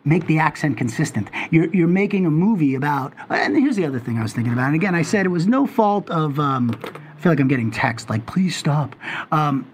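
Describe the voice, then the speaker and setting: High-voiced middle-aged guy, ranting on a podcast, goes off on tangents. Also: a little fast, slight background noise. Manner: ranting, animated, tangent-prone. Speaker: podcast co-host. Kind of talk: casual podcast chat.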